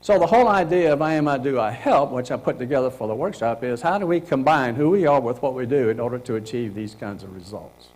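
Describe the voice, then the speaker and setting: A man's voice: mid-range voice, fast talker, hardly any pauses, rough recording. Middle-aged man leading a career workshop. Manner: animated, acts out example lines with laughs. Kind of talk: casual talk to a group. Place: meeting room.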